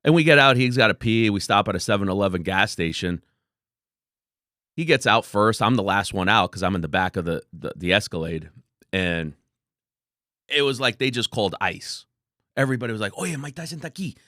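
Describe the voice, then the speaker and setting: A man, a company founder, telling laid-back, animated stories as a podcast guest. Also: fairly low pitch, brisk, pauses often, dry recording, clean studio sound. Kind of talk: casual interview storytelling.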